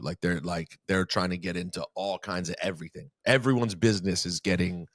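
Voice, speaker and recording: Guy on a podcast, kinda low voice, dry close mic, rambly and teasing. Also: brisk, hardly any pauses, no echo. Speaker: podcast co-host. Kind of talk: casual chat. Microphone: studio podcast mic.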